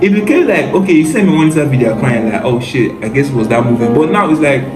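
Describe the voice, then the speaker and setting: A man delivers casual reaction commentary, sounding mocking and exasperated and laughing as he goes. His voice sits in a middle pitch and rings out in an echoey room. Faint music plays in the background. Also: expressive, fast talker. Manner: mocking, exasperated, laughs often, says "bro". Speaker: commentary video host.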